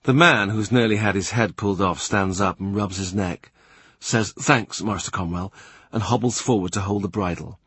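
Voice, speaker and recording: A man reading a literary novel aloud in a measured, understated way. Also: on the low side, fairly bright tone, husky, no echo. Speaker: audiobook narrator. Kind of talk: scripted literary narration.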